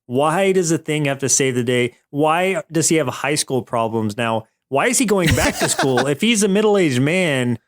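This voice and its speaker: A man's voice: fairly high pitch, expressive, normal speed, hardly any pauses. Man cohosting, wry and amused. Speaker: podcast co-host. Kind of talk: casual chat.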